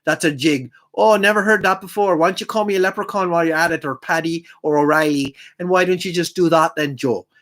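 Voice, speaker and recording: A man's voice: on the high side, fairly bright tone, lightly acted. A man putting on an indignant Irish man. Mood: sarcastic indignant. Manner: sarcastic, rapid ranting.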